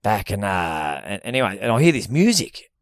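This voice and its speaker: A young Australian man in casual podcast chat, telling a rambling story with lots of swearing and acted-out bits. His voice sits a little low and is recorded close and dry, with no room sound. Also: very animated, moderate pace, no echo. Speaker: podcast co-host.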